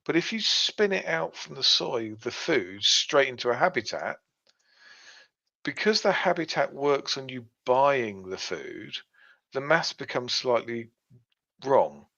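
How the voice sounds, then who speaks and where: A man's voice: mid-range voice, lively intonation, a little slow, vocal fry, a bit bright. A man co-hosting a podcast, explaining things step by step with plenty of fillers in a casual chat. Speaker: podcast co-host. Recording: dull lo-fi sound.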